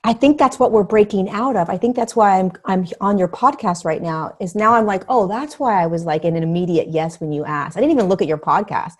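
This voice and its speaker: A middle-aged woman talking as a podcast guest, earnest and animated, acting out the voices of other people. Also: mid-range voice, brisk, hardly any pauses. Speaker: podcast guest, spiritual teacher. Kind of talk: conversational interview.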